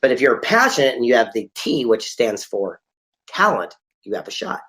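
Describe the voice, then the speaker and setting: A man who is a podcast guest, telling anecdotes in a lively conversational way and acting out the dialogue. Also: medium pitch, normal speed. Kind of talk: conversational storytelling.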